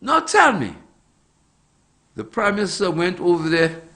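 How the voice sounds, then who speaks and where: A middle-aged man with a strikingly high, bright voice delivers impassioned political commentary. He talks slowly and with heavy emphasis, piling up rhetorical questions while his pitch leaps up and down. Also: big pitch swings, gravelly.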